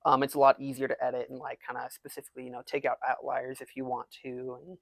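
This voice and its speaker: A man's voice: mid-range voice, little pitch movement, creaky, no echo. A young man, a transfer student, chatting casually in an interview with a slight lisp on his s sounds and plenty of fillers. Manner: casual, halting, many fillers.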